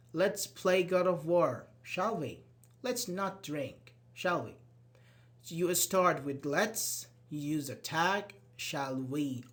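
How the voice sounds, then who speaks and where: A man teaching an online English grammar class, explaining step by step and repeating his example sentences. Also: a little high.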